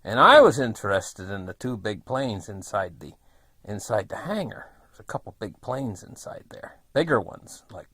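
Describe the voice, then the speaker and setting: A man's voice: fairly low pitch, big pitch swings, moderate pace, sharp tone, slightly rough, no echo, clean studio sound. A man in his fifties telling a long childhood story in a rambling, folksy way, with many fillers. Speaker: vlogger. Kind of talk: casual storytelling.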